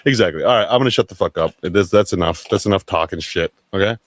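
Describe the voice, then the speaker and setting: A man's voice: low-pitched, fast talker, no room sound. A man hosting a casual livestream, rambling and swearing as he talks to viewers. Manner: rambling, profane, excitable. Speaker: livestream host.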